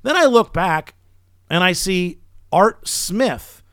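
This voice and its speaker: A man's voice: high-pitched, expressive, takes it slowly, fairly bright tone, smooth, dry recording, studio quality. A man hosting a podcast, telling a story in casual chat and acting out the people he quotes. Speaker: podcast host.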